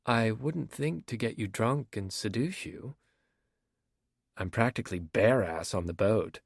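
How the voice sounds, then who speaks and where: A man's voice: lowish voice, animated, a little slow, gravelly, slightly rough, no echo, clean studio sound, exaggerated voice. A man reading an audiobook, voicing a blunt young woman who talks frankly and teasingly.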